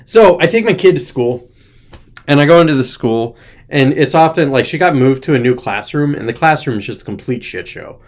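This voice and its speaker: A man's voice: medium pitch, animated, fairly quick. A young adult man hosting a casual chat show, rambling and irreverent, joking loosely, sounding tired. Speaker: host.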